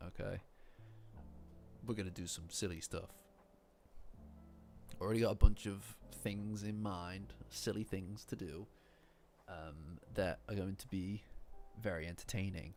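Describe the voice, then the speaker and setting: Man, young adult, streamer, casual rambling chat, self-deprecating, low gravelly voice. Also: darkish tone.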